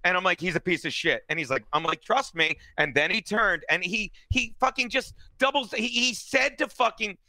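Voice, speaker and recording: A man who is a stand-up comedian, a guest on a podcast, telling animated and heavily profane stories in casual chat. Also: sits high, normal speed, few pauses, no room sound.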